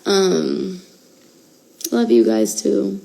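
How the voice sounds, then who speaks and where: A woman's voice: mid-range voice, big pitch swings, extremely slow, gravelly, mellow, rough recording. A young woman in her twenties talking candidly and emotionally to fans in a casual livestream, with many fillers. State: out of breath.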